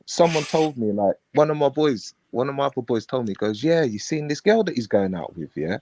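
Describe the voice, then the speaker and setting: A man's voice: medium pitch, animated, a little fast, a little mellow, slight background noise. A man telling a rambling story in street slang on a live panel stream. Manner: rambling, street slang, acts out quoted dialogue. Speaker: panel guest. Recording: dull lo-fi stream audio.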